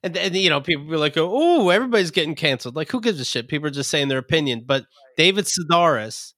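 A man's voice: a little high, quick pace, pushed and bright, dry recording, studio quality. A man co-hosting a podcast, telling a story in casual comedic chat, incredulous and profane, with stumbling restarts. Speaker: podcast co-host.

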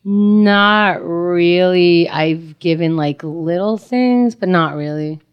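Hesitant, low-voiced woman guest. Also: takes it slowly, smooth, highs cut off. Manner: hesitant, trails off, restarts often. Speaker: podcast guest. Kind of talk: casual chat.

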